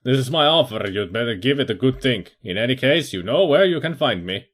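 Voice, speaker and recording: A man's voice: mid-range voice, animated, fairly quick, fairly bright tone, husky. A man putting on a sly crooked dealer with a hammy accent. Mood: bargaining. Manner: put-on exaggerated accent. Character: cunning middle-aged male crook dealer.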